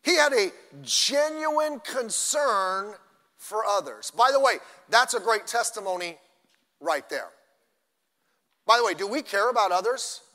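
Older preacher, high bright voice. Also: male voice, very animated, measured pace, long reverb tail. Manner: conversational preaching with asides and sudden loud bursts. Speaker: pastor. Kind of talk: sermon. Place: church sanctuary.

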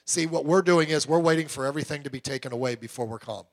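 A man's voice: a little high, quick pace. A middle-aged man preaching a sermon in a folksy, joking, conversational way.

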